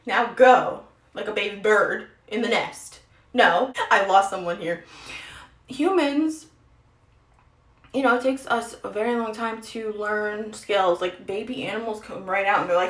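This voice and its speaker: A woman's voice: mid-range voice, normal speed, fairly bright tone, echoey room, low-quality recording. A young adult woman streaming a casual get-ready-with-me chat, rambling and self-deprecating.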